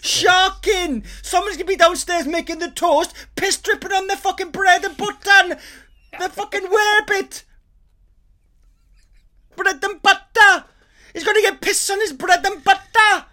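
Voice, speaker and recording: A man impersonating an outraged Welsh male building inspector, shouting high and fast about shoddy work. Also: fairly even intonation, exaggerated voice.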